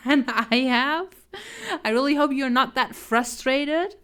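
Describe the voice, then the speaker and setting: A woman's voice: high-pitched, animated, a little slow, a bit bright. A young woman art streamer chatting casually while she draws, laughing often, flustered and self-deprecating. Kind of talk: casual chat while drawing.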